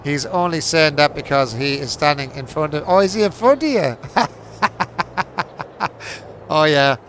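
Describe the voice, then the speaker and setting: A man's voice: on the high side, expressive, measured pace, a bit bright, slight background noise. A man hosting a livestream of a farming game, chatting casually with his viewers and teasing them in jokey banter, laughing often and swearing freely. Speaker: livestream host. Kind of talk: casual chat while playing a farming game.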